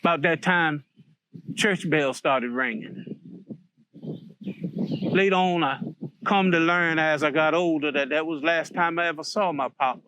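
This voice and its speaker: A man voicing an old grandmother in a folk story, recalling being sold as a child, in a slow, mournful, lowered voice. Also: pushed and bright, clear, resonant tone, no echo, clean studio sound. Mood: sorrowful. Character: grieving old enslaved grandmother.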